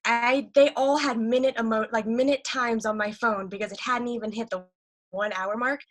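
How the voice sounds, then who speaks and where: A woman with a fairly high voice chats on a video call, bubbly and quick. She gushes about her team and rattles on with energy. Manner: excited, rapid, gushing. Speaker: team member sharing sales tips. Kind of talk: casual chat on a video call.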